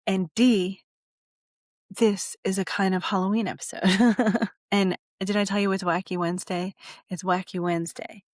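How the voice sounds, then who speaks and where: A woman hosting her own podcast in casual chat while high, giggling, rambling and repeating herself. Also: fairly even intonation, normal speed, a little mellow, no echo, clean studio sound. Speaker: podcast host.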